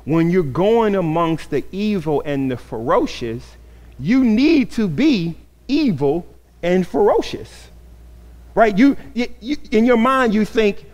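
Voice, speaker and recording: A man's voice: high-pitched, expressive, unhurried. A man preaching a sermon as pastor, earnest and repeating phrases for emphasis. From grew up in an inner-city neighborhood.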